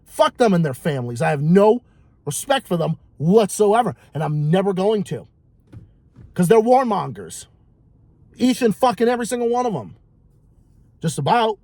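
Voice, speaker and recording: A man's voice: high voice, sing-song, moderate pace, pauses often, a little mellow, no room sound. A man vlogging a heated monologue, ranting profanely and repeating himself for emphasis.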